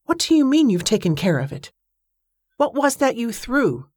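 Rattled proper lady, shrill high protests, as a woman reader voices her. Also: sing-song, normal speed, a little mellow, breathy edge, dry recording, studio quality. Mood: alarmed.

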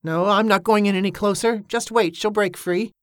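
A woman's voice: medium pitch, fairly even intonation, normal speed, no room sound, studio quality, voice pushed up, lightly acted. A woman voicing a stubborn, condescending older boatman who refuses to take risks.

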